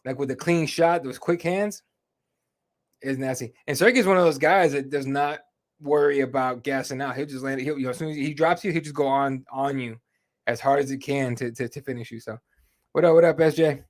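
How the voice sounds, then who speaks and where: A man's voice: medium pitch, steady tone, a little fast. A man chatting casually as the host of a live fight talk show. His talk is loose and conversational, full of fillers, and he swears freely. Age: adult with kids. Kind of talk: casual chat.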